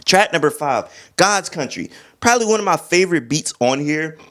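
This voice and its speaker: A young man with a slightly high voice and normal speed gives a casual album review packed with slang. He's animated, frequently humming beats and imitating rappers.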